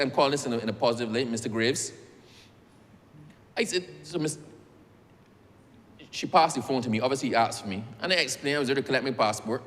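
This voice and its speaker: A little fast and fairly bright in tone, a mid-range male voice with a Barbadian accent tells a story while speaking in parliament and calling the chair sir. The recording carries the long echo of a large legislative chamber.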